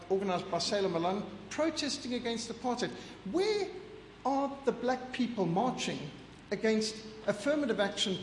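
A man's voice: high voice, a little hiss or hum. A man giving an impassioned lecture over slides, firing off rhetorical questions and emphatic lists. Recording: echoey hall with long reverb.

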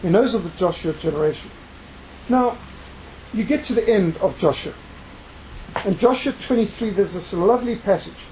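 A preacher and missionary giving a sermon, reading scripture aloud and slowing down to stress key words. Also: mid-range voice, expressive, a little mellow, slight background noise, low-quality recording. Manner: reads scripture aloud within the talk.

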